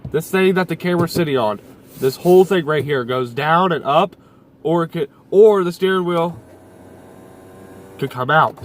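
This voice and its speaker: A man's voice: a little high, moderate pace, pauses often, slight background noise. A young man chatting casually in a car vlog, rambling with lots of fillers and repeated phrases, recorded by a camera on the dashboard inside his parked car. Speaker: YouTuber. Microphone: camera mounted on the dash.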